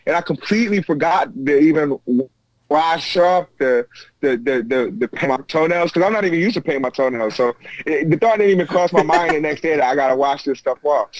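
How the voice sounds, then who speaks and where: Animated American man on a video call. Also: fairly high pitch, a little fast, dry recording. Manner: animated, acts out quotes, frequent restarts. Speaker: guest, UFC fighter. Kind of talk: casual storytelling chat. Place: remote video call from home.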